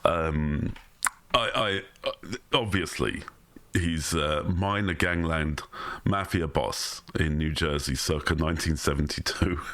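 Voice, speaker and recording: A man with a very deep voice chats casually on a comedy podcast, halting with ums and restarts and breaking into chuckles. The sound is close and dry, with no room in it. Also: a bit bright, no echo. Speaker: podcast co-host.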